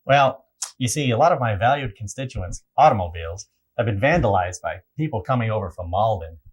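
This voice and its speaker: A man's voice: fairly low pitch, expressive, a little fast, slightly rough. A man playing a folksy, blustering middle-aged small-town mayor in a comedy sketch. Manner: folksy, bluntly bloodthirsty.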